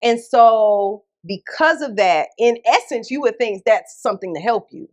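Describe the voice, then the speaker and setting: A woman's voice: fairly high pitch, measured pace. A young woman from Atlanta, a radio host and podcast guest, telling stories in a casual interview and acting out what people said. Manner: animated storyteller, acts out quotes.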